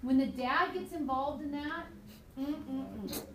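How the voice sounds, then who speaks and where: A woman teaching a high school biology class, chatty and lively, acting out examples for her students. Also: moderate pace. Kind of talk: classroom lecture. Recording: echoey classroom from far off, noisy.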